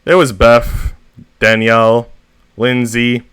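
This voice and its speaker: A man reading humorous short stories aloud with a deadpan comic delivery, as a VTuber reader. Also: medium pitch, slow pace, smooth, dry recording.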